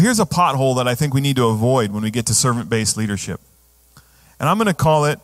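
Speaking in a mid-range voice, a male pastor delivers a conversational sermon and frequently poses questions to the congregation.

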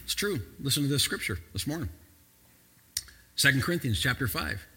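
Guy preaching a sermon, bright slightly husky voice, big church echo. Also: medium pitch, a little fast. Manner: animated preaching, swings from quiet to shouting. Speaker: pastor.

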